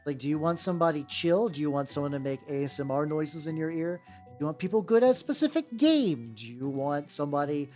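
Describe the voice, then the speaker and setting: A man's voice: on the high side, lively intonation, a little fast, darkish tone, faint music behind. A man in his thirties chatting casually on stream while he paints miniatures, rambling and swearing. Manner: rambling, swearing, slipping into goofy voices. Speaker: VTuber streamer.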